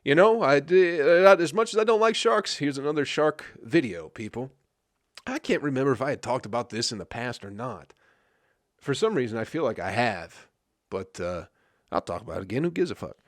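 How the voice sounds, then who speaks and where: A man's voice: medium pitch, animated, fairly quick, no echo, studio quality. A man from Flint, Michigan, hosting his comedy podcast, ranting and swearing constantly and often asking "you know what I mean, people?". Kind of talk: profane ranting monologue.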